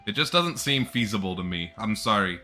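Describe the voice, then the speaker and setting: A man's voice: on the low side, animated, brisk, pushed and bright, soft background music. A young man chatting casually on a live stream, rambling and laughing often.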